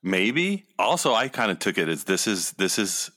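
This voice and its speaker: Low-voiced man with a bright edge. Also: big pitch swings, moderate pace. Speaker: podcast co-host. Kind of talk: casual chat recapping a TV episode.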